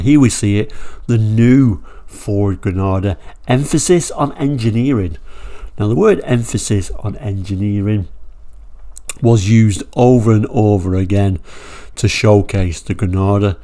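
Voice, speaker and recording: A man's voice: lowish voice, warm tone. A man hosting his channel, chatting his way through old car brochures in a rambling style that drifts off and then pulls itself back on track. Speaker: channel host.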